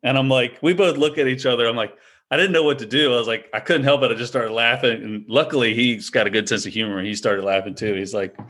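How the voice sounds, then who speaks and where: A man's voice: mid-range voice, fast, a bit bright. A man telling golf stories in a casual podcast chat, rambling with many fillers and frequent laughs. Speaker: golfer guest.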